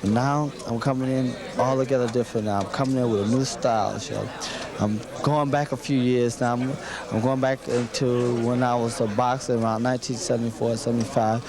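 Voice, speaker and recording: A young man, a boxer, answering press conference questions in a halting, earnest way, repeating himself as he goes. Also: mid-range voice, steady tone. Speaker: boxer being interviewed. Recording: crowd chatter in background.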